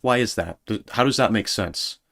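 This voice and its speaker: A man's voice: on the low side, moderate pace, creaky, a bit bright. A man streaming as a VTuber, rambling sarcastically in a casual monologue and mocking people in put-on voices.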